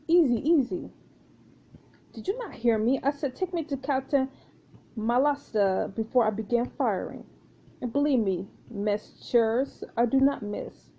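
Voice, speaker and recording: A woman putting on a brash, sly French pirate lady from a story game, high-pitched and theatrical with a mock French accent. The tone is mellow and a little dull, like a lo-fi recording. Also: expressive, a little slow. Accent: put-on French. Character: swaggering French pirate woman, bold ex-first mate.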